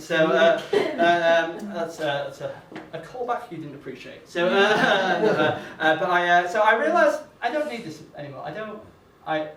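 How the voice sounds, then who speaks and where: Tell the story as a stand-up comic with a high, light voice, letting the uhs and restarts tumble out. Play it as though you are some way off the mic in an echoey room. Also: male voice, a bit bright, far from the mic, a little hiss or hum. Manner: halting, rambling delivery full of uhs and restarts. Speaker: stand-up comedian. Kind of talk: stand-up comedy set. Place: comedy venue stage.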